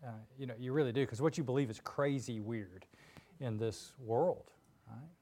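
A man preaching a sermon in a relaxed, conversational way, full of fillers and asides, in a church. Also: mid-range voice, unhurried, pauses often. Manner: informal and chatty, with frequent fillers and asides.

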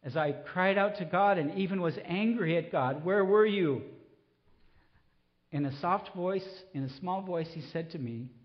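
A middle-aged man preaching a sermon, pleading and impassioned, then soft and reflective. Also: high-pitched, normal speed, few pauses, dull audio. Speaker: pastor.

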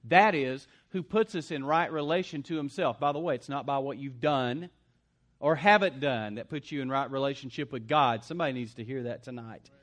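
A man preaching a sermon as pastor, swinging between loud punchy lines and quiet asides. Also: mid-range voice, brisk.

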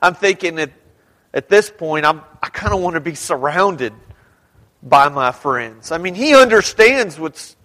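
High-voiced man preaching in a reverberant hall. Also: lively intonation, unhurried. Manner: conversational preaching with rhetorical questions and sudden rises to shouts. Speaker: pastor. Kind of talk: sermon.

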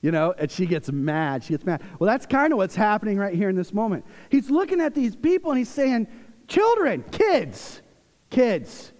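A pastor in his forties delivers a sermon in a relaxed, conversational manner, his voice sitting a little high. He keeps things lively with humorous asides and family anecdotes. A long church-hall reverb trails after his words. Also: a little fast, hardly any pauses. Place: church sanctuary.

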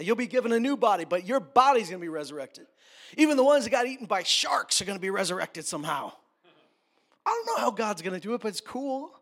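A man preaching a sermon as a pastor, talking conversationally and joking with quick asides. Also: high-pitched, fairly bright tone.

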